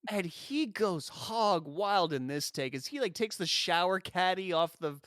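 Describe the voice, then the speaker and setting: A man's voice: high voice, lively intonation, unhurried, fairly bright tone, no echo, clean studio sound. A man co-hosting a podcast, recapping a film in casual chat and acting out its lines with wry, profane humor. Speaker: podcast co-host.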